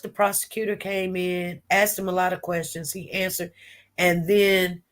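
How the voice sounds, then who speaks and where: Slow-talking woman with a cold. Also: fairly low pitch. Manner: chatty, talks straight to viewers and greets the chat. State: has a cold, coughing. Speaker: livestream host. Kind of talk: casual commentary livestream.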